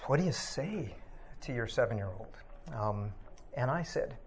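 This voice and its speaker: A middle-aged man giving a personal testimony, reflective and halting, with many pauses and filler sounds. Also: mid-range voice, lively intonation, a little hiss or hum. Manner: reflective, halting with frequent ums and uhs. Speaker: speaker sharing a personal testimony.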